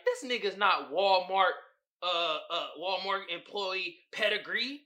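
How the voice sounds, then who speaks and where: A man hosting a podcast, in casual comedic commentary that is animated and profane, with frequent laughs. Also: high voice, a little slow. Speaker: podcast host.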